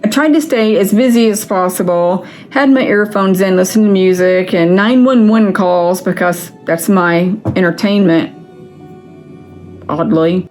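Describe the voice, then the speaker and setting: A woman's voice: medium pitch, a little slow, a little mellow, soft background music. A woman vlogger ranting in a casual vlog, angry and frustrated, with frequent swearing.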